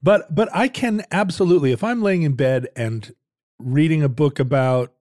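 A man's voice: a little high, normal speed, darkish tone. A man co-hosting a casual comedic chat, a rambling storyteller who laughs often. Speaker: podcast co-host.

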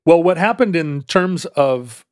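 A man's voice: fairly high pitch, lively intonation, unhurried, no echo. Rambling male podcast storyteller, dry sound. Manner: rambling storyteller, frequent restarts and fillers, laughs easily. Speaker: podcast co-host explaining history. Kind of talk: casual conversational explanation.

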